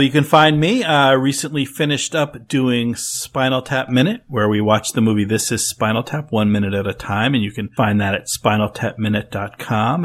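A man co-hosting a podcast, talking in a relaxed, rambling way. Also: medium pitch. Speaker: podcast co-host. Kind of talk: casual podcast chat.

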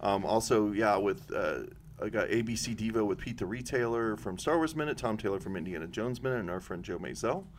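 Guy on a movie podcast, lowish voice, laughs a lot, does little voices for quotes. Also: lively intonation, brisk, slight background noise. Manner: laughs often, acts out quotes in a playful voice. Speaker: podcast guest co-host. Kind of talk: casual podcast chat.

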